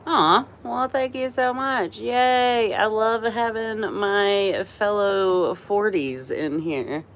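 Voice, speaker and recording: A woman's voice: mid-range voice, slow, a little hiss or hum. A tired woman in her forties hosting a casual live stream, chatty and rambling, laughing often between thoughts. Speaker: livestream host.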